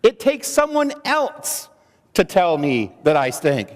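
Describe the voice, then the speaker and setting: A male seminar presenter with a high voice that rises and falls dramatically. He quizzes his audience and leans on pauses. His voice carries a long reverb in a meeting hall. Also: wildly swooping pitch. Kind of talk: training seminar talk to an audience.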